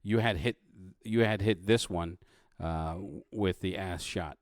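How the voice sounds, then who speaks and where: A man running a tabletop game as game master, casual and halting, with lots of fillers and restarts. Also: low-pitched, no room sound, clean studio sound.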